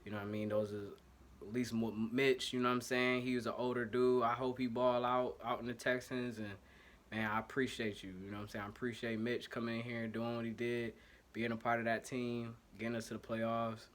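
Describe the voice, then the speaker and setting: A man's voice: mid-range voice, level tone, fairly quick, a bit bright. A man from Ohio with an Ohio accent, hosting casual one-take fan commentary in a loose, slangy way. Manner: loose, slangy, self-correcting and apologetic about technical trouble. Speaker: sports podcast host. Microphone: home setup, single take.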